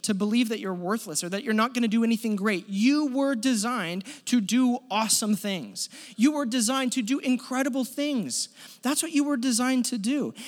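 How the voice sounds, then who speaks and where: An emphatic preacher delivering a sermon to a congregation and repeating key lines for stress. The medium-pitched voice leads the room in spoken declarations. A long, echoing hall reverb trails every phrase through the church sanctuary. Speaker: pastor.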